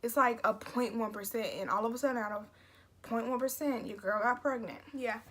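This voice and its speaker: A woman's voice: on the high side, fairly even intonation, fairly quick, a bit bright. A young woman vlogging casually, retelling an emotional story with lots of fillers and restarts. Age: young adult.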